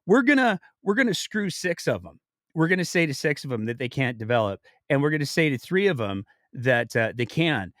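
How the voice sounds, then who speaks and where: A man's voice: medium pitch, very animated, fairly quick, a bit bright, no echo, studio quality. A man hosting a political podcast, giving casual commentary with a sarcastic, wry manner.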